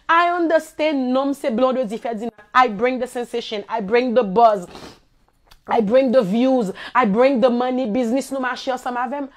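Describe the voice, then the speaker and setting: A woman from Haiti with a Haitian accent, delivering an impassioned personal monologue, distraught and near tears, pleading and repeating herself. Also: high-pitched. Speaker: singer.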